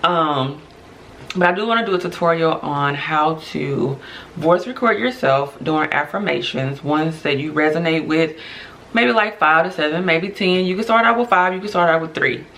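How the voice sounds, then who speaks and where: Bright-voiced earnest woman podcaster. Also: low voice, normal speed, slight background noise. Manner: chatty, earnest, addresses listeners as y'all, laughs through tears. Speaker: podcast host. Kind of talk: casual heartfelt podcast monologue.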